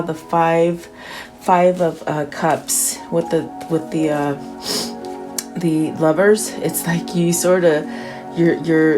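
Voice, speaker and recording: A woman giving a casual tarot reading, quietly murmuring questions to the cards and then reading their messages aloud in an unhurried, musing way. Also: low-pitched. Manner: unhurried and musing, with soft fillers. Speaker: tarot reader. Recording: music playing under the voice. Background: background music.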